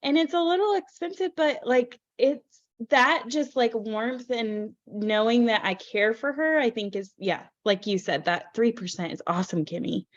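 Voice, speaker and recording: A woman hosts a casual podcast in a bubbly, effusive way, full of "like" and "um". Her voice is a touch high, and the sound comes through a little muffled and lo-fi. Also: moderate pace. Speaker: podcast host. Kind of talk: casual chat.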